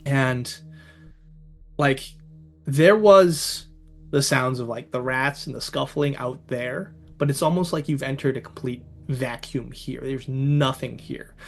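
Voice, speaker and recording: A man narrating a tabletop horror game as game master, setting scenes slowly and dramatically. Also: medium pitch, creaky, faint music behind.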